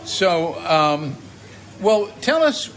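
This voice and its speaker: A man's voice: high voice, sing-song, extremely slow, a bit bright, rough recording. Chatty older man with an iPhone. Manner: chatty, encouraging, many fillers. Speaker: host. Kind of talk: casual interview. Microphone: iPhone held by speaker.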